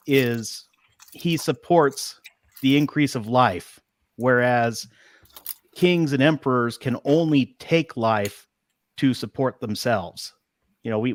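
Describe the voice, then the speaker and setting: A man's voice: mid-range voice, no room sound. Earnest man preaching on a video call. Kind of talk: faith discussion on a video call.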